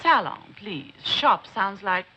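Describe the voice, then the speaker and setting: A woman's voice: mid-range voice, big pitch swings, takes it slowly, bright, forceful tone, full character voice. A gushing posh society lady. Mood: wheedling. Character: pushy upper-class woman, wheedling and vain. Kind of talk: 1960s TV sitcom acting. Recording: dull hissy 1960s TV recording.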